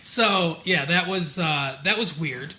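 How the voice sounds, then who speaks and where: Bright-voiced chatty man from Michigan. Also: a little high, takes it slowly. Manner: chatty, digressive, many fillers. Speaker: podcast co-host. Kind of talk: casual chat recapping a TV episode.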